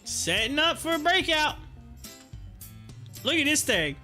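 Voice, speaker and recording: A man's voice: extremely high pitch, very animated, measured pace, sharp tone, soft background music. A man hosting a stock market live stream, chatting casually, rambling, teasing his viewers and laughing often. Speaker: stock market livestream host.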